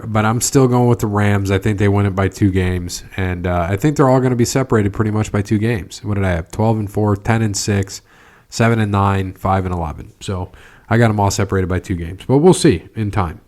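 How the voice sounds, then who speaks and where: A man with a low voice co-hosts a sports podcast. He lays out his predictions in easy, casual talk, with the odd filler. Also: darkish tone. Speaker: podcast co-host.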